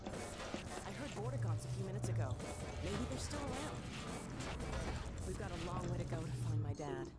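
A woman's voice: lowish voice, very animated, moderate pace, long pauses. An actress voicing a brave young woman resistance fighter in a video game, concerned and urgent. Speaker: game character. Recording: game audio with loud music.

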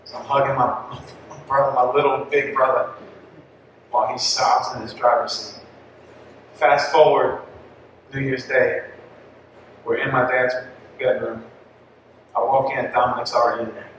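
A man's voice: medium pitch, little pitch movement, moderate pace, pauses often, fairly bright tone, a little hiss or hum. A young-adult man tells a heartfelt personal story to a parish audience, talking casually with many likes and restarts. His voice rings through a very echoey hall, picked up from a distance. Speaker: parish speaker at a family catechesis talk. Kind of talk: personal testimony talk. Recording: echoey hall, mic far off.

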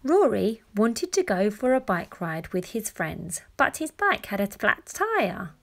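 A woman reading a children's picture book aloud, gently and expressively. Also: medium pitch, very animated, measured pace, vocal fry, hardly any pauses. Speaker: storyteller.

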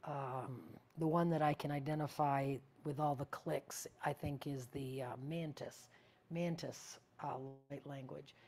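A woman with a deep voice teaches spiritual practice casually and meanderingly. She often searches for words and sometimes drops to a hush.

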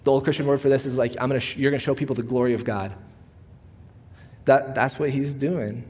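A man who is a pastor, preaching a sermon in a church auditorium. He talks in a relaxed, conversational way, telling stories with a joking edge. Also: medium pitch, brisk, breathy edge. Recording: long reverb of a church hall.

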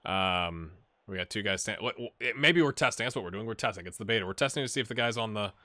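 A man casually talking through a sports management game, thinking aloud and breaking into excited play-by-play. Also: fairly low pitch, quick pace, no echo. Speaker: gaming channel host. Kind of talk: casual gameplay commentary.

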